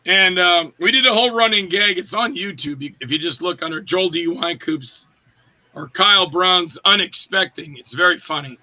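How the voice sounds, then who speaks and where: A man's voice: high voice, normal speed. A man in his fifties, an actor telling stories in a casual interview and acting out quotes in different voices. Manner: animated, acts out quotes in voices.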